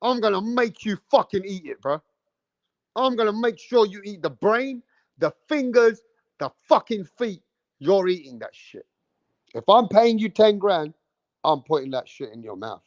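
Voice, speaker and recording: A man, hosting a livestream and loudly teasing and daring his chat, swearing freely. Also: sits high, sing-song, a little slow, no echo, muffled recording. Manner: loud, teasing, swears a lot, goads the chat. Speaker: livestream host.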